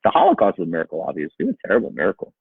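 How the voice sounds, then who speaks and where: A man speaks as a rabbi, his voice climbing and falling in wide swings as he drives each point home with rhetorical questions and repeated phrases. His tone is husky and dry, with no room sound around it. The sound is thin and narrow, like a phone line. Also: low-pitched, wildly swooping pitch, rapid-fire, dry recording. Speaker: rabbi giving a talk. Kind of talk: impassioned talk to a live audience.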